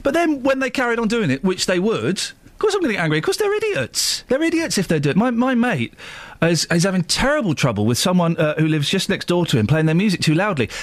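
A British man hosting a radio phone-in, his pitch jumping all over as he argues and mocks. He sits in a dead, dry studio booth with no room echo, his voice a touch higher than most men's. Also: big pitch swings, quick pace. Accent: British English. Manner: combative, mocking, puts on silly voices for quotes. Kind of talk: argumentative radio chat.

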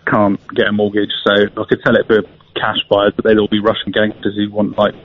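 A man calling a radio show on a tablet headset, talking hesitantly with many pauses. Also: fairly low pitch, monotone, a little hiss or hum. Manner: hesitant, many ums, earnest. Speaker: caller. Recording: dull lo-fi phone-in audio.

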